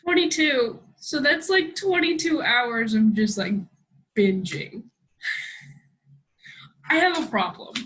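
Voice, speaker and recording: A young woman co-hosting a podcast, rambling excitably in casual chat and swearing freely. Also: sits high, slow pace, pauses often, low-quality recording. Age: young adult. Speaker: podcast co-host.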